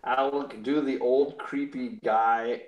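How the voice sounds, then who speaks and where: A man's voice: medium pitch, fairly even intonation, slow, lo-fi sound, a little hiss or hum. A man co-hosting a live comic auction, chatting in a joking, rambling, self-deprecating way. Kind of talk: casual live-stream chat. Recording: roomy echo.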